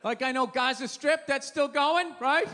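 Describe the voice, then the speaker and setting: A man doing a live stand-up routine, loud, sarcastic and profane as he rants on a stage mic. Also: extremely high pitch, a little slow. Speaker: stand-up comedian. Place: large theater stage before a live audience. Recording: reverberant hall with audience noise.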